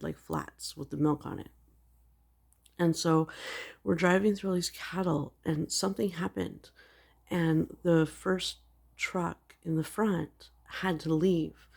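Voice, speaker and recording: Husky, gravelly woman telling a dream. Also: sits low, darkish tone. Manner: rambling storytelling with many "like" fillers. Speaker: video blogger sharing dreams. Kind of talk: casual religious dream retelling.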